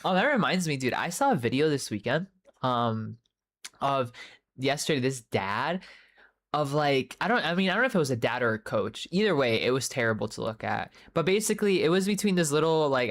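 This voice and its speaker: A young man with a mid-range, fairly bright voice is livestreaming casual chat. He rambles loosely, swears freely and uses lots of fillers, stopping mid-story to answer viewers' messages by name.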